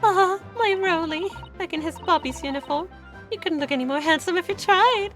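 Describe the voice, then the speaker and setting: A woman's voice: extremely high pitch, normal speed, a bit bright, soft background music, voice pushed up. A woman voicing a doting young sweetheart who gushes in a sugary, adoring, breathless way.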